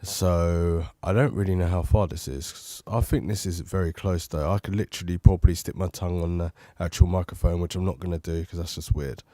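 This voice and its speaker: A man with a fairly low voice chats in a rambling, easygoing way, close to a studio condenser mic at his home desk. The sound is dry and close. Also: steady tone, a little fast, hardly any pauses, dark tone, no echo. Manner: rambling, chatty, self-commenting. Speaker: tech reviewer. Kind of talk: casual microphone test talk.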